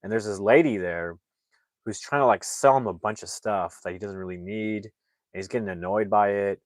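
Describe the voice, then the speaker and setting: A man's voice: on the low side, normal speed, dry recording. A man reviewing a movie, casually retelling the plot in a rambling way with lots of fillers and restarts.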